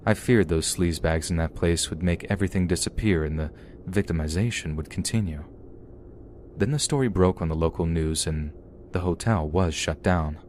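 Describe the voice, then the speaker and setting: Deep-voiced man narrating a horror story. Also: darkish tone, a little hiss or hum. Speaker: podcast narrator.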